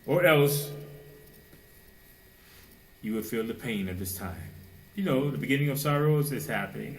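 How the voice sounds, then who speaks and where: A man preaching a sermon with fervor, firing rhetorical questions and now and then mocking people in a high, put-on voice. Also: expressive, unhurried, long pauses, rough recording.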